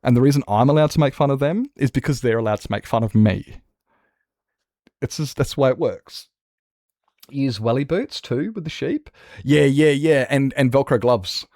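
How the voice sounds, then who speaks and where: A man's voice: medium pitch, normal speed, a little mellow, no room sound, clean studio sound. An Australian man chatting casually and joking with his chat while streaming a building game. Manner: joking, self-mocking banter with chat.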